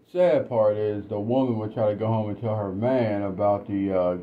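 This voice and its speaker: Blunt low-voiced man telling stories. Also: normal speed. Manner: blunt, conversational. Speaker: commentator. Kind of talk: casual storytelling monologue. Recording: dull lo-fi recording.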